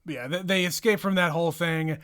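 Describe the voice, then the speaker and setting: A man's voice: fairly high pitch, steady tone, brisk, fairly bright tone, smooth. A man co-hosting a podcast, chatting casually about a movie with dry, swearing remarks and short reactions. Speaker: podcast co-host. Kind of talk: casual movie recap chat.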